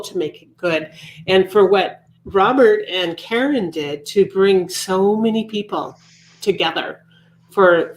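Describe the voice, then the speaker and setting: Woman, publisher guest, earnest, measured, echoey room. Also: fairly low pitch. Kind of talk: casual chat.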